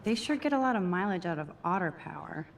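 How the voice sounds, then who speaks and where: A woman's voice: on the low side, animated, quick pace, gravelly, slight background noise. An actress voicing a mild, wry teenage girl in a video game, with dry, offhand remarks.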